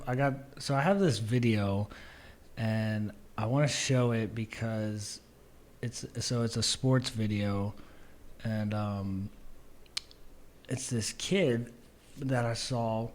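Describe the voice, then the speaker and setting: Slow, rambling young podcast host. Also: male voice, mid-range voice, steady tone. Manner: laid-back, rambling with many fillers and restarts. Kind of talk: casual storytelling monologue.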